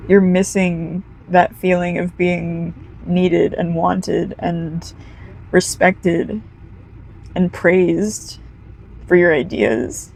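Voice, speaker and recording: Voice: medium pitch, little pitch movement, extremely slow, vocal fry, a little mellow, poor audio. A card reader giving a casual, heartfelt pick-a-card energy reading, talking straight to the viewer.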